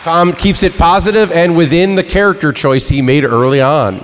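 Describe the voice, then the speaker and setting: A man's voice: on the high side, moderate pace, a faint crowd. A man hosting a live comedic wrestling game on a convention stage, with wry, chatty banter. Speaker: host and commentator. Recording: reverberant convention hall.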